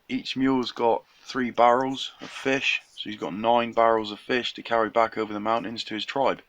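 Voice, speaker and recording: A man's voice: medium pitch, fairly bright tone. A young man casually retelling a folk tale in a chatty, slangy way, acting out the characters' lines. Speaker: storyteller.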